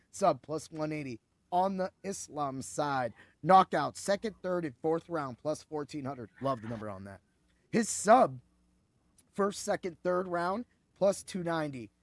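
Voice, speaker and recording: A man hosting a casual sports betting podcast, talking in an excitable, rambling way, swearing and laughing freely. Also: a little high, normal speed, dry recording. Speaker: podcast host.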